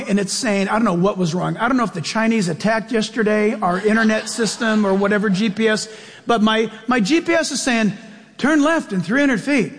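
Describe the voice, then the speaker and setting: High-pitched animated male pastor preaching. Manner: animated storytelling with sudden pitch jumps. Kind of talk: sermon. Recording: long church-hall reverb.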